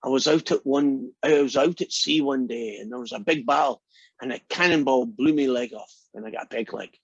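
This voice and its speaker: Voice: medium pitch, brisk, creaky, slightly rough, dry recording, muffled recording. A teacher voicing an old male pirate in a joke told during an online class, with a plain, matter-of-fact delivery. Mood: gruff.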